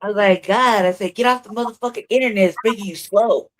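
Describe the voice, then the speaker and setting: A woman talks fast in a medium-pitched voice as she co-hosts a news talk show from her own room. The chat is casual, with profane storytelling and plenty of laughter.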